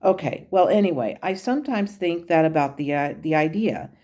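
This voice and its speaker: Low, mellow-voiced woman recounting a meditation. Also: expressive, normal speed. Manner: candid, conversational storytelling. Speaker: meditation channel host.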